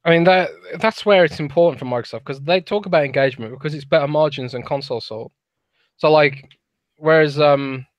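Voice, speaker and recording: A man's voice: medium pitch, no echo. A British man in his thirties co-hosting a podcast, chatty and working out his thoughts as he talks. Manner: chatty, thinks aloud in restarts. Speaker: podcast co-host. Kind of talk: casual podcast chat.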